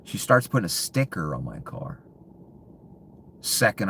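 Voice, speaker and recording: A man in a bitter, profane ranting monologue, full of contempt and often sinking to low hushed muttering. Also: big pitch swings, a little slow, vocal fry, slight background noise.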